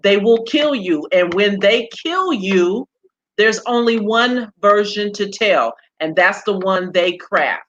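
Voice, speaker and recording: A woman speaks with blunt, emphatic candor as a former police sergeant hosting her own show. She swears freely. Her voice is bright and forceful, and the audio sounds dull and lo-fi. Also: medium pitch, animated, slow pace. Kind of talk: candid conversational commentary.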